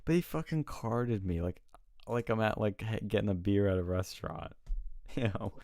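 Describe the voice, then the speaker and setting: A young man chatting casually as a podcast co-host, telling animated anecdotes and often laughing. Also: on the low side, moderate pace, no echo. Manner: animated anecdote teller, quotes people in voices, laughs often. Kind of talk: casual storytelling chat.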